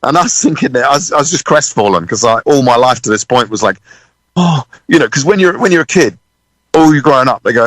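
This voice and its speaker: A British man, a drummer, telling a lively story in a radio interview, swearing freely and acting out other people's voices. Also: mid-range voice, fast, dry recording, rough recording. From United Kingdom. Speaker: guest drummer.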